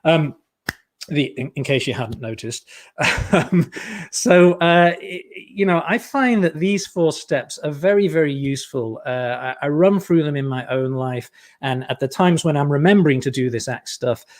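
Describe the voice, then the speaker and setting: A man, a guest psychologist and author, explaining ideas in a relaxed, chatty way with many fillers over a video call. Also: a little high, moderate pace. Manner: relaxed, frequent fillers, self-deprecating humour. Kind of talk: casual explanatory interview talk. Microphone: earpiece on a video call.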